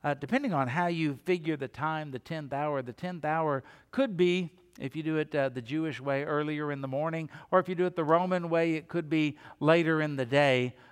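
A man's voice: fairly high pitch, moderate pace, few pauses, clear, resonant tone, big-room sound. A male pastor preaching a sermon, building emphasis with rhetorical questions and repeated phrases.

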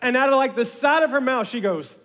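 A man's voice: very high voice, fairly quick, in a large hall. A male pastor preaching a sermon, telling stories and drawing in his congregation. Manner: storytelling, animated with his congregation.

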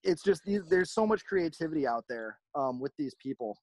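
A man telling stories in a casual chat, rambling and animated, often acting out the voices of people he quotes. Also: fairly high pitch, fairly quick, dry recording. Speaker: podcast host, merch company owner.

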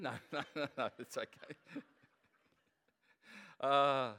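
A man's voice: mid-range voice, steady tone, slow pace, pauses often, pushed and bright. A middle-aged man preaching a sermon at a church service in a loose, joking, conversational way, often restarting his sentences. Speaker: pastor.

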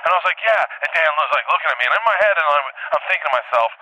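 A man rattles off a long dream story in an animated, profane way. His pitch swings all over and his tone is bright and sharp. The sound is thin, like a phone line. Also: very fast, a little hiss or hum. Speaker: caller telling a dream. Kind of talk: rambling voicemail anecdote.

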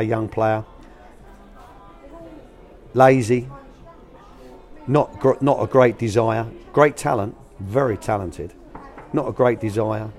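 A man's voice: fairly low pitch, darkish tone. Older man telling coaching stories. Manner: anecdotal, colloquial, acts out quoted voices. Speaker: guest, former youth academy manager. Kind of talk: storytelling interview answers.

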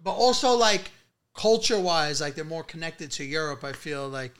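A male musician from Toronto rambles through a casual podcast chat, full of slang and 'like's. His voice is high and bright for a man. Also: expressive, normal speed. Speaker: musician guest.

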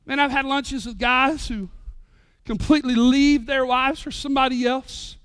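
High-voiced, lively pastor preaching. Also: male voice, moderate pace, smooth, dry recording, clean studio sound. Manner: animated, joking storyteller. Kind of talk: sermon.

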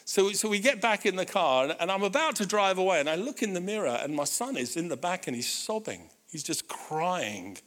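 A middle-aged man preaching a sermon, telling a personal story with lively audience asides and frequent restarts. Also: high-pitched, fairly quick, few pauses. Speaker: pastor.

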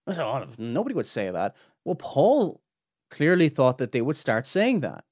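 A man's voice: medium pitch, wildly swooping pitch, normal speed, darkish tone, no room sound. Earnest man teaching, dry close sound. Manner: emphatic, earnest, rises sharply when pressing a point. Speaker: podcast host and Bible teacher. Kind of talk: theological teaching talk.

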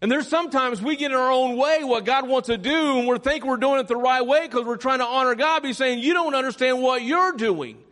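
A man preaching a sermon as pastor, calling on the congregation to repeat lines after him and drawing key phrases out slowly for emphasis. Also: extremely high pitch, a bit bright. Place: church sanctuary. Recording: long reverb of a large hall.

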